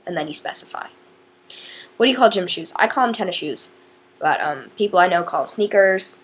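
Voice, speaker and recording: A woman's voice: on the low side, animated, brisk, a little hiss or hum. A teenage girl from northern Indiana chatting to camera in a rambling, casual way with lots of fillers. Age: teens. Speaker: vlogger.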